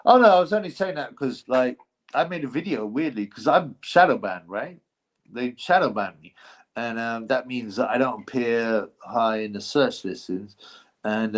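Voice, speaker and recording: A middle-aged man hosting a live stream, talking casually. He rambles, swears freely and fills his sentences with "you know" and "um". His voice sits at an ordinary middle pitch. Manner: rambling, slangy, swears freely, lots of fillers. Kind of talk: casual live-stream chat reading donations.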